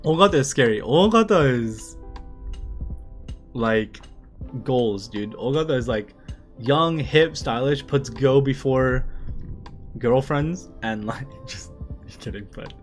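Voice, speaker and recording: A man's voice: mid-range voice, animated, unhurried, faint music behind. A man reading a manga aloud on a live stream, chatting in a rambling, self-deprecating way with lots of fillers. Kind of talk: casual live-stream commentary.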